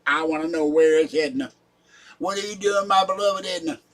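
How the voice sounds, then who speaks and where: A pompous self-crowned general, put on by a man, thunders slow denunciations in a raised, loud voice. He draws out each title with mock grandeur. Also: close to an everyday voice. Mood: indignant. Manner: pompous, denouncing, booming slow proclamations. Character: blustering self-proclaimed ten-star general of the Lord, male. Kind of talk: livestream character bit.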